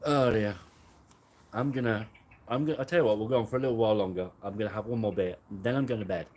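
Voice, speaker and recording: A man hosts a casual outdoor live chat from a night-time garden, rambling, self-mocking and laughing often. He speaks at a quick pace in a voice on the low side that's a little mellow.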